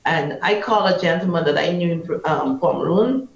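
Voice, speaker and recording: A woman with a Guyanese accent recounts her experiences with fierce, vivid passion, slipping into the voices of the people she quotes. Her voice has a gravelly, creaky texture. The recording sounds roomy and a little muffled. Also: fairly low pitch, moderate pace. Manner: impassioned, vivid storyteller acting out quotes. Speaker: anti-trafficking activist. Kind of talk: emotional personal storytelling interview.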